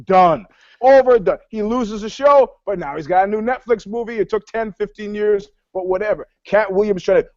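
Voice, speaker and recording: A man's voice: high voice, moderate pace, darkish tone, no room sound. A man on a video call in a casual podcast chat, telling rambling, profane stories and acting out what people said. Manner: profane, rambling storyteller who acts out quotes. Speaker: panelist. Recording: dull, dry online call audio.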